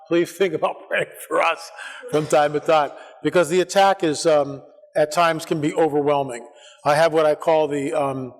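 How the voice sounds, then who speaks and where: A man speaking at a church conference, telling stories in a rambling, animated way and acting out the voices of people he quotes. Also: on the high side. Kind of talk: casual storytelling talk at a church conference. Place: church hall. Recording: long hall reverb.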